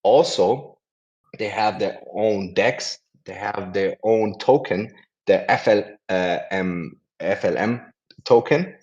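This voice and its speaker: A man's voice: fairly low pitch, slow pace, darkish tone. Chatty man hosting on dull lo-fi audio. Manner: chatty, rambling, self-correcting, laughs often. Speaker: host of a community audio event. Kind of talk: casual chat and introduction.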